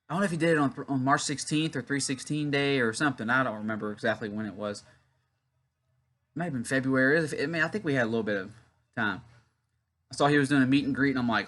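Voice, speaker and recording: A man's voice: medium pitch, quick pace, bright, forceful tone. Chatty man hosting a wrestling watch-along. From Louisiana, USA. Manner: chatty, rambling storyteller with restarts. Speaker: YouTube wrestling channel host. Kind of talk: casual watch-along commentary.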